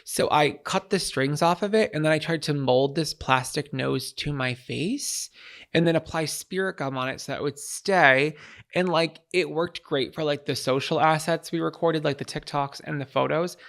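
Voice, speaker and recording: A woman's voice: deep voice, moderate pace. A woman co-hosting a podcast, chatty and dramatic as she tells stories in casual talk. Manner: animated, dramatic, chatty storyteller. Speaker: podcast co-host. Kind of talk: casual chat.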